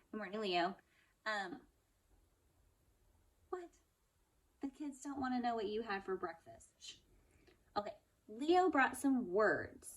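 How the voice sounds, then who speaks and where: A woman first-grade teacher giving an upbeat, encouraging phonics lesson, stretching out words slowly to clap their syllables. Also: fairly high pitch, distant mic. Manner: slow, drawn-out word modelling, clapping out syllables. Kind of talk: recorded phonics lesson for young pupils. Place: indoors at home. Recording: voice a bit off-mic.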